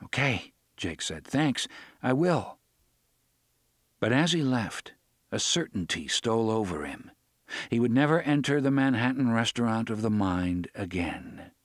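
Expressive male audiobook narrator. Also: lowish voice, normal speed, no echo, studio quality. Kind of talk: scripted narration.

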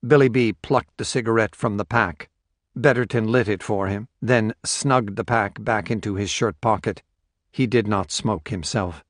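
A man reading a story aloud as audiobook narrator in a steady, measured way. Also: fairly low pitch, no echo, studio quality. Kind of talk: scripted narration.

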